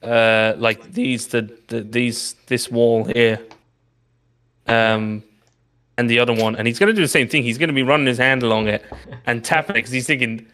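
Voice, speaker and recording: A man's voice: mid-range voice, steady tone, normal speed, fairly bright tone. A man playing a tabletop game, loose and joking, swearing freely. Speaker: player. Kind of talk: tabletop role-play.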